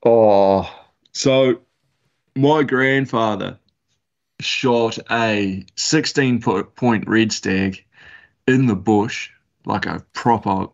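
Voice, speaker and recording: Kiwi guy rambling thru a hunting yarn, low gravelly voice, kinda muffled audio. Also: extremely slow. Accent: New Zealand. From New Zealand. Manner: rambling, laid-back, lots of slang and fillers. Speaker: podcast guest, bush hunter. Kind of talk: casual storytelling.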